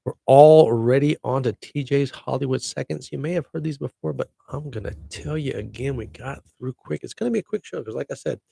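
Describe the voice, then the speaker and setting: A middle-aged man hosts a casual solo podcast, talking in a chatty, upbeat way and tossing in jokey asides. His voice has a gravelly edge and sits at a middle pitch. The sound is dry and close, with no room echo. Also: brisk, few pauses, dark tone. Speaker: podcast host.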